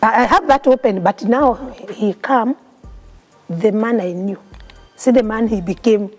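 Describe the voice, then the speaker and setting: A woman's voice: on the high side, unhurried, soft background music. A woman with a Kenyan accent, a guest in an interview telling her personal story in an earnest, heartfelt way. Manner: mixes English and Swahili, earnest and heartfelt.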